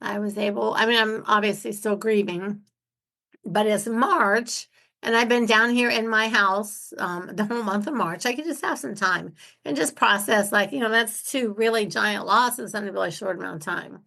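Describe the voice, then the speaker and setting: Bright, forceful woman podcast host. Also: mid-range voice, moderate pace, gravelly. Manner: chatty, candid and enthusiastic. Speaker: real estate investing podcast host. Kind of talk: casual solo podcast talk. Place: at home.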